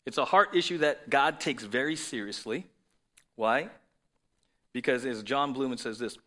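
Bright-voiced male pastor preaching. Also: medium pitch, moderate pace, pauses often. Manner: conversational preaching, frequent "right?" asides. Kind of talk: sermon.

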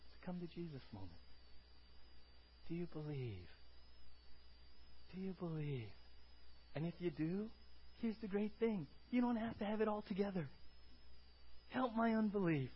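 A man preaching a sermon as pastor, moving from quiet, conversational talk to loud, shouted exclamations. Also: fairly high pitch, muffled recording, a little hiss or hum.

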